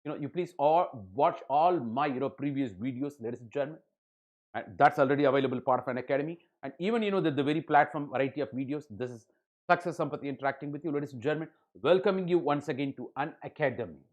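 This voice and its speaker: A man lecturing, emphatic and full of "you know" and "ladies and gentlemen". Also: mid-range voice, quick pace, highs cut off. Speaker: online exam-prep lecturer.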